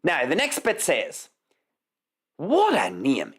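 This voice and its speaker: A woman's voice: fairly low pitch, wildly swooping pitch, slow, fairly bright tone, slightly rough. A woman hosting a live news commentary show, reading articles aloud with sarcastic, mocking asides and free swearing. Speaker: show host.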